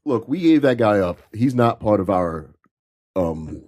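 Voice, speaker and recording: Low mellow dude joking on a movie podcast, voice jumps all over, dry sound. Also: male voice, a little slow, no echo. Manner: animated, joking. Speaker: podcast co-host. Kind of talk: casual film-review banter.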